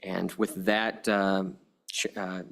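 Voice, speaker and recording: A man presenting formal testimony to a legislative committee, speaking haltingly with frequent restarts and fillers. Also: sits low, level tone, gravelly, fairly bright tone. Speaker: federal regulator presenting to lawmakers.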